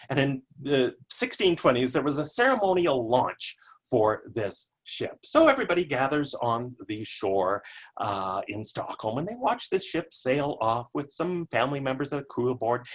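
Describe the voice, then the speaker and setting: A man giving a motivational keynote webcast, energetic and storytelling with playful asides. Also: on the high side, slightly rough. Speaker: keynote speaker.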